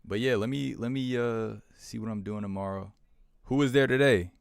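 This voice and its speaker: A man's voice: medium pitch, moderate pace, vocal fry, no echo, clean studio sound. A young man hosting a livestream, chatting casually with viewers and repeating himself in a laid-back way. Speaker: livestream host.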